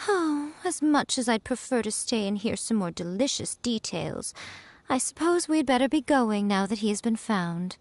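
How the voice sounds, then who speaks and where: A woman's voice: fairly high pitch, animated, normal speed, a little mellow, no echo, close to an everyday voice. A woman voicing a sly, elegant shrine priestess in a video game, speaking with amused teasing. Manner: smooth, teasing, languid.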